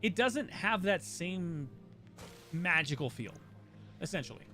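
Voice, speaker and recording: Bright high-voiced man streaming a game. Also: animated, measured pace, soft background music. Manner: opinionated, rambling, with frequent restarts. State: voice tiring from a long day of talking. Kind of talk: casual livestream chat while gaming.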